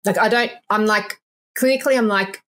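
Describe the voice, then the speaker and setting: A woman of middle pitch chats as a guest on a podcast. She is lively and laughs often. She slips into little acted voices when she quotes people. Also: brisk. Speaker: naturopath guest. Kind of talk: casual podcast interview.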